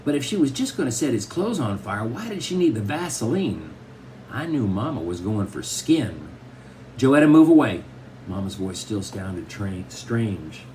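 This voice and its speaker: A man's voice: on the low side, moderate pace, a little hiss or hum. A man reading a children's novel aloud, telling it expressively in the first person. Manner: expressive storytelling, first-person boy narrator. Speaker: audiobook reader.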